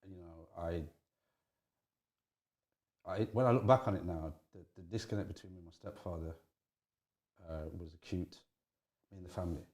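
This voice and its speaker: Man, middle-aged, interview guest, warm dark tone, animated storytelling, stumbles and restarts. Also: moderate pace, pauses often. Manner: animated, rising pitch when excited, frequent restarts.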